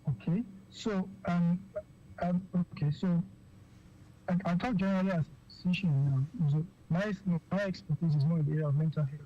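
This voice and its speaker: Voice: medium pitch, steady tone, brisk, warm tone. Hesitant physician guest on lo-fi radio. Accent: Nigerian English. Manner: hesitant, repeats words, many fillers and okays. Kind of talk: radio health interview. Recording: dull lo-fi radio sound with faint noise.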